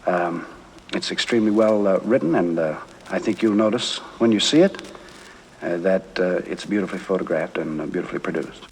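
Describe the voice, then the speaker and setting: A man in a 1960s radio interview, speaking haltingly with many pauses. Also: low voice, a little mellow. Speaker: actor interviewee. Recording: 1960s radio with long reverb and faint hiss.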